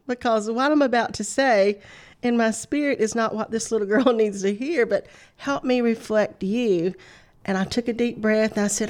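A woman's voice: on the high side, normal speed, a little mellow. Laughing woman telling a story. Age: middle-aged. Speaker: guest. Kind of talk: storytelling in a faith talk show.

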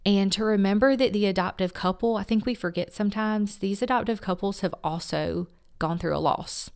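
A woman's voice: medium pitch, fairly quick, a little mellow, clean tone. Woman, adoption agency director, interview guest, earnest, heartfelt storytelling.

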